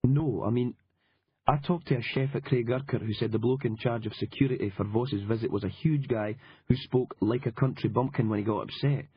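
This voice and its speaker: A man with a husky voice playing a cynical, wry male reporter who swears freely and talks with dry determination. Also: mid-range voice, fairly even intonation, brisk, no room sound. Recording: dull lo-fi audiobook recording.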